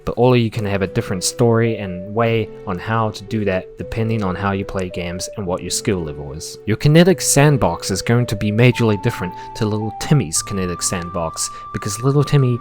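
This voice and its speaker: A man's voice: lowish voice, fairly quick, few pauses, music in the background. A man narrating a scripted video essay with enthusiasm, jokes and frequent swearing. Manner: enthusiastic, profane, joking.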